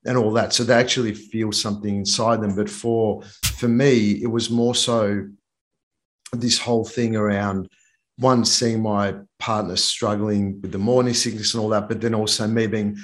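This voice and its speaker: A man with a somewhat low voice talks as a podcast guest. He is candid and animated and swears casually, the way a men's coach talks with mates. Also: normal speed. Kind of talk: candid conversational storytelling.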